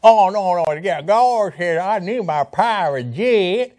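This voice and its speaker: A man's voice: high-pitched, lively intonation, slow, darkish tone. A man giving sarcastic commentary on video clips, incredulous and mocking, with laughing asides.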